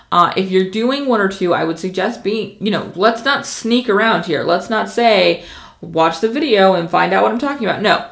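Woman marketing coach, lowish voice, quick and excited, roomy echo. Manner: fast, energetic and passionate, with many fillers. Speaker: social media marketing coach. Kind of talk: casual instructional talk to camera.

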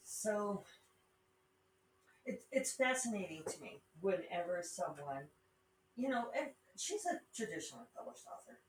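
Speaking a little slowly yet very animated, a middle-aged podcast host and self-published author with a Rocky Mountain accent chats in a rambling, digressive way full of wry asides. Her pitch is medium, and the distant, roomy recording carries faint ambience and slight background noise.

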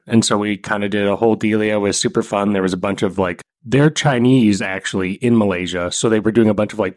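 A young man co-hosting a podcast, telling stories in a casual, animated way and acting out quotes. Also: lowish voice, no room sound, clean studio sound. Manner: animated storyteller, acts out quotes. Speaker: podcast co-host. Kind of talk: casual chat.

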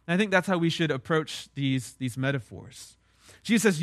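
A man's voice: on the high side, animated, fairly quick, a bit bright, dry recording, clean studio sound. Conversational pastor, man. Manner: conversational, emphatic, explanatory. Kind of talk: sermon.

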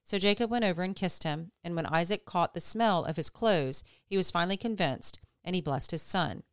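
A woman hosting a podcast, reading scripture aloud in a steady, measured way. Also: on the low side, smooth, dry recording, studio quality. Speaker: podcast host.

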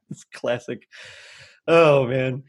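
A man chatting casually as a podcast co-host, his pitch sitting in an ordinary middle range. He rambles through his thoughts with plenty of fillers and breaks into laughter often. The tone is relaxed and friendly. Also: very slow. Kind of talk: casual chat about a holiday special. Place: lives in the U.S. South.

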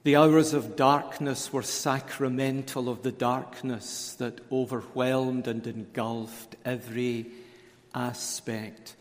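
Male preacher, conference sermon; slow, weighty delivery, hall reverb. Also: mid-range voice. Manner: slow, deliberate, emphatic repetition.

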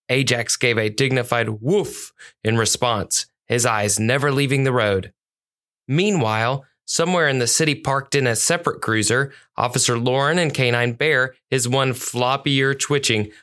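A storyteller narrating a children's police story at a measured, clear pace. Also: mid-range voice, fairly bright tone.

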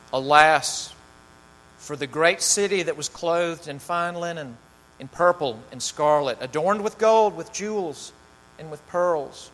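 A pastor with a fairly high, fairly bright voice reads scripture with rising emphasis, then moves into prayer and loose talk full of fillers. The sermon is recorded with long hall reverb and a faint mains hum.

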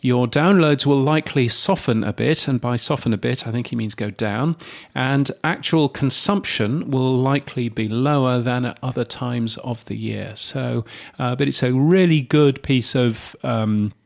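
A man co-hosting a podcast in relaxed, rambling chat full of fillers. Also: mid-range voice, a little slow, vocal fry. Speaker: podcast co-host.

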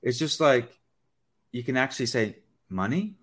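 A man speaking as a sales expert guest in a conversational podcast, energetic and acting out sales-call dialogue. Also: mid-range voice, moderate pace.

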